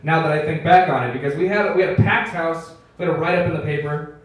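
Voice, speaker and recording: A man's voice: on the high side, quick pace. A young man doing a stand-up set in a comedy club, laughing through his punchlines and swearing a lot. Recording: echoey club mic from far off, loud room noise.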